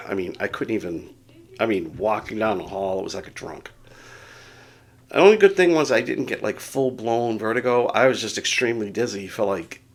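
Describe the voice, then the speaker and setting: A middle-aged man vlogging casually, telling a rambling story with chuckles and self-deprecating asides while getting over a bout of dizziness. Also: on the low side. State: recovering from dizziness.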